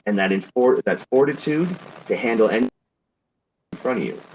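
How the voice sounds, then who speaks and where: A man's voice: lowish voice, lively intonation, normal speed, darkish tone. A man from Canada giving a blunt, profane and defiant motivational talk. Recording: dull lo-fi audio with faint noise.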